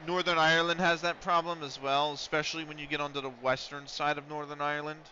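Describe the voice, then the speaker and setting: Fast and forceful, his fairly high voice is delivered flat and bright over slight background noise. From the US, he streams a football management game live, with loose banter filling the gaps between calls of the action, recorded in dull lo-fi audio.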